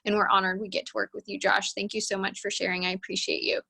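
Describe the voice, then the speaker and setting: A woman's voice: mid-range voice, flat delivery, fast, creaky, sharp tone, breathy edge. A woman hosting a team call, upbeat and encouraging, full of praise and pep talk. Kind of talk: motivational group call.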